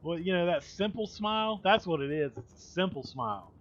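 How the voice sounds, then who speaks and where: A man's voice: sits high, sing-song, a little fast. Guy streaming and rambling about work stories, swears a lot, kinda muffled audio. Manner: rambling, profane, laughing asides. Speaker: livestream host. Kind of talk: casual storytelling chat.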